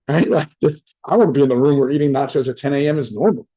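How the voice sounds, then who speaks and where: A man's voice: a little high, racing, mellow. A young adult man giving a casual motivational talk at a virtual event, rambling and swearing, with lots of "right?" asides. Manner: rambling, profane, filler-heavy with many "right?" asides. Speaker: motivational speaker. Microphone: virtual event talk mic.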